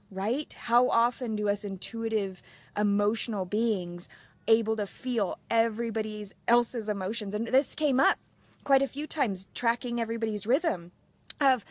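Woman in her thirties, high-pitched, earnest and open, casual live chat, dry close sound. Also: unhurried, no echo. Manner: earnest, open, tells personal stories with quoted inner voices. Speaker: host and mothers' mentor.

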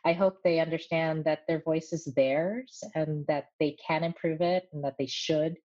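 Woman voice coach talking on a podcast, lowish voice, kinda muffled lo-fi audio. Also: fairly even intonation, a little mellow. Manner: measured, articulate, friendly. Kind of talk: interview guest.

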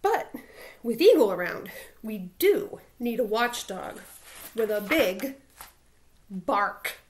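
A woman's voice: fairly high pitch, very animated, slow pace. A woman voicing a small, earnest male prairie dog who pleads urgently with his friends.

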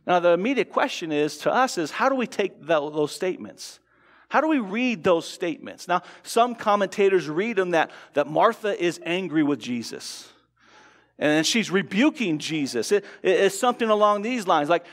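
In a church sanctuary, a pastor with a high-pitched, lively voice preaches at normal speed, talking conversationally, restarting often and acting out quotes. A long hall reverb fills the recording.

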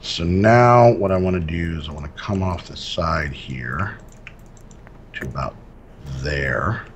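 A man co-hosting a casual Minecraft let's-play, relaxed and narrating each step as he builds. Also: sits low, slow, a crowd in the background. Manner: relaxed, narrates his own building steps. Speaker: gaming channel co-host.

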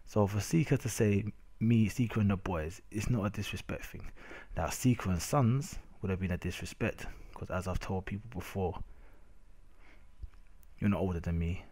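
Husky, deep-voiced London man ranting. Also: normal speed. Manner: slangy, animated ranting with repeated 'innit'. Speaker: gamer narrating match footage. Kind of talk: casual rant over gameplay video.

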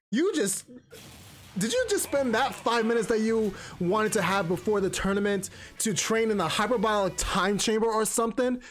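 Excitable man calling a game tournament live. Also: high-pitched. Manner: excitable, casual gamer slang. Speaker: tournament stream commentator. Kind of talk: live esports play-by-play commentary.

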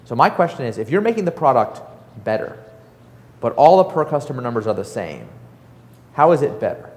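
A man giving a casual, animated talk to an audience, full of fillers and acted-out quotes. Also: mid-range voice, brisk, big-room sound. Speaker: startup author and speaker.

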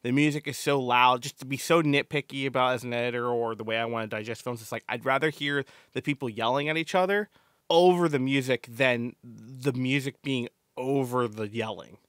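A man's voice: mid-range voice, fairly even intonation, a little fast, a bit bright, no echo, studio quality. A man co-hosting a podcast in casual chat, rambling with many fillers and restarts. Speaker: podcast co-host.

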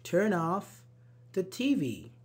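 An online English teacher giving a live grammar lesson, slowly repeating example sentences and answering chat. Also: mid-range voice, sing-song, slightly rough. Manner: slow, repeats examples, apologizes and laughs at own slips.

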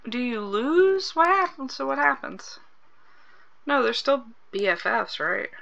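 A woman's voice: high-pitched, sing-song, measured pace, creaky, bright, forceful tone, lo-fi sound. A woman hosting a game let's play, chatting casually, swearing freely and reacting aloud to what happens on screen. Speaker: gaming channel host.

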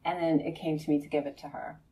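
Laughing woman meditation teacher. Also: quick pace. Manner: conversational, laughing often, frequent "right?" to the audience; animated storytelling, voicing friends in a high excited tone. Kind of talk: dharma talk to a live group.

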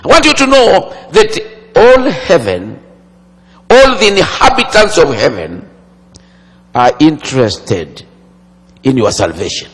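A man preaching a sermon slowly and dramatically, with long pauses and sudden swings from loud to hushed. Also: fairly high pitch, wildly swooping pitch, a little hiss or hum. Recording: long hall reverb.

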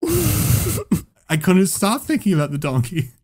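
Animated, profane male podcast storyteller. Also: fairly high pitch, fairly quick. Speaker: podcast host. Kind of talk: casual storytelling chat.

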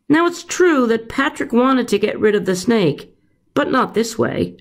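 A teacher reading a children's story aloud in an expressive, unhurried way. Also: female voice, on the high side.

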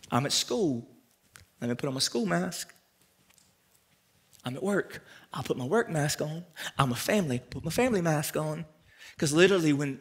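A man pastor preaching a sermon, swinging from loud emphatic peaks down to quiet asides to the congregation. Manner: preaches with sharp rises to loud emphatic peaks, then drops low and quiet.

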